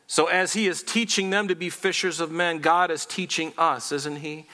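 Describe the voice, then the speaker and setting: Pastor guy teaching a sermon, kinda high voice, earnest, lots of restarts. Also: steady tone, normal speed, bright, forceful tone. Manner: earnest, explanatory, with frequent restarts.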